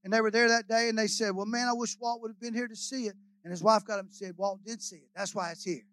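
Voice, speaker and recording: A man, preaching as a guest pastor in a folksy, joking way, repeating phrases and swinging between quiet asides and loud shouts. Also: sits high, steady tone, fast talker, no room sound. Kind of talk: sermon.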